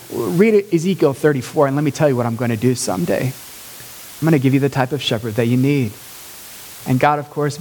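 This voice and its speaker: A man's voice: on the high side, darkish tone, a little hiss or hum. A male pastor preaching a sermon in a conversational way, lifting to emphatic peaks.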